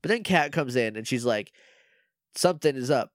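A young man co-hosting a podcast, chatting casually and acting out characters' lines in quick voices. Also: medium pitch, lively intonation, no room sound, studio quality. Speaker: podcast co-host. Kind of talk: casual recap chat.

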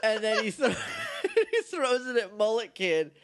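A man's voice: sits high, a little slow. A man co-hosting a podcast, chatting casually and acting out characters' lines as he recaps a TV episode. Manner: animated, acts out characters' lines mid-story. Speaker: podcast co-host.

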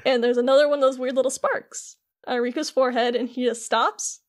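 A woman's voice: sits high, fairly quick. A woman co-hosting a podcast, casually recapping a story and acting out the characters' lines as she goes. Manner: animated retelling with quoted character voices. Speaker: podcast co-host. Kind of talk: casual chat recapping a game.

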